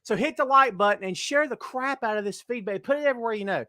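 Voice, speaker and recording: High-voiced joking male stream host. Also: fast talker, no room sound, clean studio sound. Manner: loud, joking, self-mocking banter. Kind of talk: casual live-stream chat.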